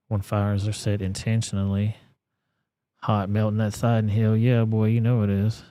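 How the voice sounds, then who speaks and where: Low, mellow Southern-accented man, blunt. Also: level tone, moderate pace, dry recording. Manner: profane, blunt, rambling. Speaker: commentary channel host. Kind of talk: casual reaction commentary.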